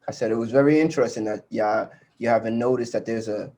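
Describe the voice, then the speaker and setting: A man's voice: mid-range voice, fast talker, warm tone. Casual young man telling a story. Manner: loose, rambling storytelling with fillers. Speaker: podcast co-host.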